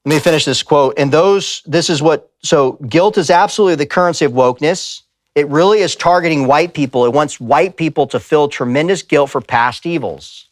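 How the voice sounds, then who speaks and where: A man's voice: fairly high pitch, a little fast, no room sound. Emphatic male church speaker, dry sound. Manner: emphatic, storytelling with quoted voices. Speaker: pastor and speaker. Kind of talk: live church talk. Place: church sanctuary.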